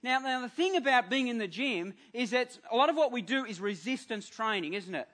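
Male pastor, high bright voice, earnest sermon with frequent restarts, church setting. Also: expressive. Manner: earnest, halting with repeated restarts.

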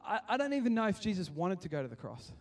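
High-voiced man preaching at kids church. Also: sing-song, quick pace, a little mellow, recorded from a distance, faint music behind. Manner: casual, repeats and restarts, builds to passionate appeals. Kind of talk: sermon. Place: church hall.

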